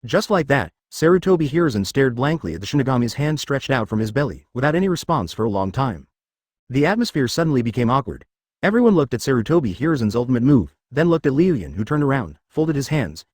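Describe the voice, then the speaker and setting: A man giving scripted story narration in an even, synthetic-sounding reading. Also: mid-range voice, no room sound, clean studio sound.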